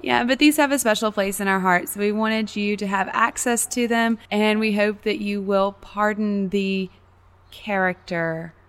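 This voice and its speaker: A woman co-hosting a podcast, chatting in a good-humored, gently apologetic way. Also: medium pitch, fairly even intonation, a little slow, clear, resonant tone. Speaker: podcast co-host. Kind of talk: casual podcast chat.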